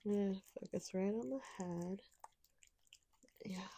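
A woman's voice: mid-range voice, measured pace, long pauses, mellow, slight background noise. A woman speaking in an intimate audio role-play, teasing and commanding, sometimes dropping to a whisper.

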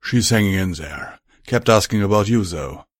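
A man voicing a quiet, loyal grey male earth pony. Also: lowish voice, normal speed, dry recording, studio quality, lightly acted. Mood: gentle. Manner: quiet, reassuring.

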